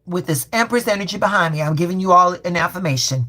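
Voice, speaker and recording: A woman's voice: fairly low pitch, a bit bright. Folksy woman tarot reader, live stream. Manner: folksy and colloquial, calls viewers baby and y'all; reads affirmations slowly and repeats them.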